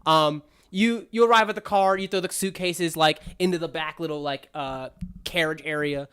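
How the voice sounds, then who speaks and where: Rambling tabletop game master. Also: male voice, a little high, normal speed, a bit bright, clean tone. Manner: rambling, lots of fillers and restarts.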